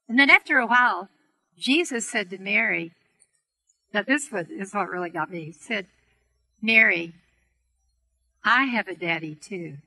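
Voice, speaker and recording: A middle-aged woman teaching on healing prayer, telling a story gently and earnestly to an audience. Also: mid-range voice, rough recording. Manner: gentle, earnest storytelling with soft quoted voices. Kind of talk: storytelling talk to a seminar audience.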